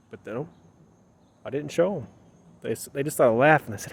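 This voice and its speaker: A man's voice: mid-range voice, brisk, vocal fry, long pauses, a little mellow, husky. A man talking to his camera in a rambling, emotional way, repeating himself as he questions his own feelings, outdoors. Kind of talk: personal vlog monologue.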